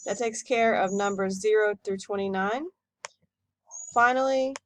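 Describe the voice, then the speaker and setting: A woman teacher giving a recorded lesson, modelling each number slowly and clearly for students to repeat. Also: mid-range voice. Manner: slow, careful model pronunciation for repeating. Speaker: Spanish teacher.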